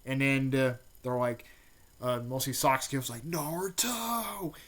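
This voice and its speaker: Recapping a fan-made story casually, this man talks at a moderate pace in a mid-range voice over some background noise. His telling wanders, full of fillers and restarts, with excited surges at the action moments.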